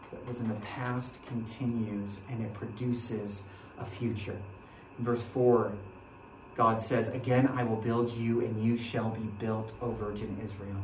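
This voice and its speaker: A man preaching a sermon as pastor, earnest, repeating his phrases, dropping to a hush and then rising to a rousing call. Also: mid-range voice, slight background noise. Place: church sanctuary. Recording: echoey church from a distant mic.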